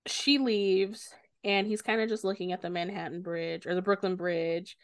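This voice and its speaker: A young woman co-hosting a podcast, retelling a book's plot in lively casual talk and swearing often. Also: fairly low pitch, normal speed, dry recording, clean studio sound. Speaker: podcast co-host. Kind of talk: casual book discussion.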